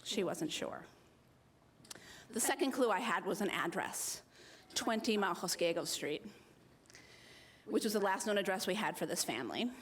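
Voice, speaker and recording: Speaking at a normal speed with long pauses, an American woman in early adulthood shares a personal story at a live slam. Her mid-range voice is animated and self-deprecating as she acts out the voices of those she encountered.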